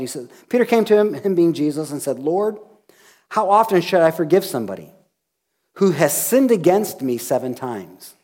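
A male pastor preaching a sermon, retelling a scripture story with acted-out dialogue. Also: high voice. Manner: animated storytelling, acting out dialogue.

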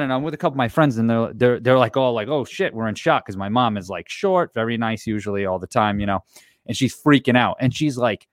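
A man co-hosting a casual podcast, telling a rowdy personal story and acting out the people in it with loud, high bursts. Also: no echo, clean studio sound. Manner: animated storyteller, acts out quotes loudly.

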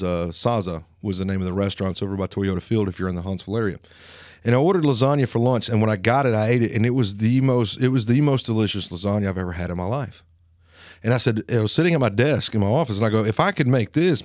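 A man's voice: on the low side, darkish tone, no room sound, clean studio sound. Earnest man with an Alabama twang. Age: 30s. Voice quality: Southern twang. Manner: earnest, slow, pausing for emphasis. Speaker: podcast host. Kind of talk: reflective motivational monologue.

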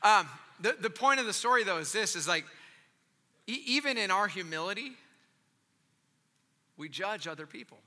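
A man preaching a sermon as a pastor, casual and joking, swinging from loud storytelling to quiet, intimate asides. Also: high-pitched, lively intonation, moderate pace, long pauses, big-room sound. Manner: casual, joking delivery with slang and restarts.

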